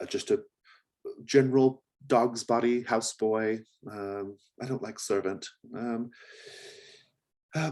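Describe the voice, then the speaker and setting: A man's voice: mid-range voice, breathy edge, pitched above the performer's own voice. A man voicing a pretty, eager young male houseboy who talks in a gushing, chatty way.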